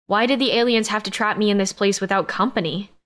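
Woman narrator, first-person audiobook, mid-pitched, steady storytelling. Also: fast talker.

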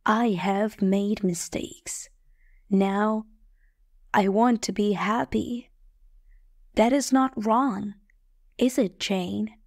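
A woman voices a brooding gentleman who is master of the house, in an audiobook for learners. Every word comes slow and plain, at a very unhurried pace. The sound is close and dry. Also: mid-range voice, fairly even intonation, no room sound. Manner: slow, plain, clearly spoken. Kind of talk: audiobook character reading for learners.

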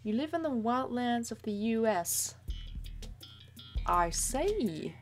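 A woman chatting casually while playing an online game, giggly and excitable, breaking into playful shouts. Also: fairly high pitch, normal speed, faint music behind. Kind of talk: casual gaming chat.

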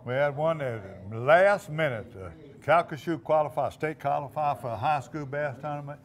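A man's voice: a little high, moderate pace. A man hosting an outdoors show, chatting playfully. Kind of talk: casual chat.

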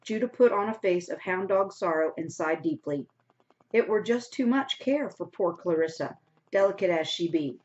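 A woman's voice: on the low side, expressive, moderate pace, darkish tone. A woman teacher reading a novel aloud to her class, stopping now and then to explain words in a casual way. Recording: dull lo-fi recording.

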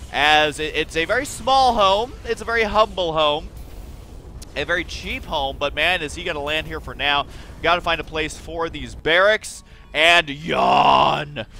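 A man's voice: fairly high pitch, sharp tone, slight background noise. A young man casting a strategy game match, joking and teasing the players while he explains their mistakes. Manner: joking, teasing, mock-scolding. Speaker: game caster. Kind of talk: esports play-by-play commentary.

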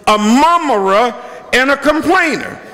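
A bishop delivers his sermon in a very high, sharp voice. He repeats his points and keeps breaking into shouts. His words ring with the long echo of a church hall. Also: expressive, measured pace. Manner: emphatic, repetitive, bursts into shouting. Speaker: bishop and pastor. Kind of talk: preaching a sermon. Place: church sanctuary.

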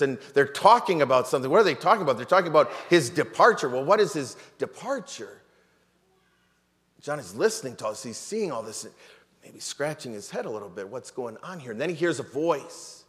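A pastor delivers a sermon in a middle-pitched male voice, retelling a story with rhetorical questions and restarts. His words carry a long reverb through the church sanctuary. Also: expressive, brisk, a bit bright.

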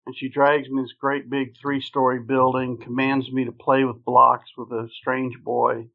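Brief: man, podcast guest, earnest storyteller, flat delivery, tinny phone-like line. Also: mid-range voice, moderate pace, gravelly, hardly any pauses. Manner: earnest, vivid storytelling in present tense. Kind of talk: telling his life story. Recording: phone-like narrow sound.

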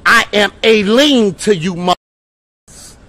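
A man in a heated street confrontation, shouting and taunting with profane insults. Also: sits high, unhurried. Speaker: man confronting police officers.

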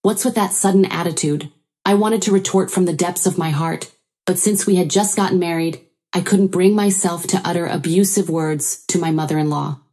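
Low-voiced woman narrating a story. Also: fairly even intonation, normal speed, warm tone. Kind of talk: first-person story narration.

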